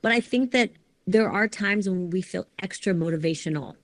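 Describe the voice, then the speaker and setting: A woman's voice: medium pitch, normal speed, no room sound. A middle-aged woman, a fitness competitor and coach, talking earnestly in a casual podcast chat, often asking "right?".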